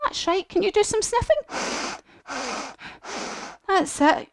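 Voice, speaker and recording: A woman leading a children's yoga lesson as a story, animated and encouraging. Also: very high voice, slow pace, pauses often, no room sound. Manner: animated, encouraging, sing-song. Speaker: kids yoga teacher.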